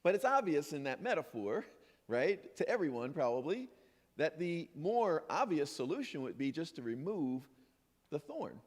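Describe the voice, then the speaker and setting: A man giving a sermon as minister, playful and animated, acting out imagined voices. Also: on the high side, normal speed. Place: church sanctuary. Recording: long hall reverb.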